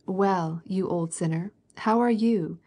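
A woman's voice: on the low side, slow, breathy edge. A woman reading the part of a stern, outspoken fifty-year-old woman in an audiobook, blunt and scolding. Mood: brusque. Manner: scolding, outspoken, mock-gentle teasing.

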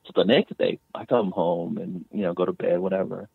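Male guest storyteller, gravel-voiced, rambling and halting, phone-quality line. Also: low voice, steady tone, dry recording. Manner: rambling, many restarts, fillers like "you know" and "man". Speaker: guest author and medium. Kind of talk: casual storytelling.

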